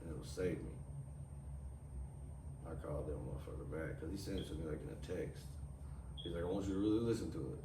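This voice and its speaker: A man's voice: low voice, fast, pauses often. Profane man telling stories, roomy. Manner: profane, rambling, animated storyteller. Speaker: guest. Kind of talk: casual storytelling chat. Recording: roomy, distant mic, noisy.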